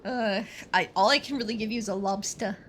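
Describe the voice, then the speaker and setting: A woman's voice: medium pitch, brisk, slight background noise. A woman streamer giving playful, chatty commentary while fishing in a game, pleading with the fish. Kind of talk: casual let's-play commentary.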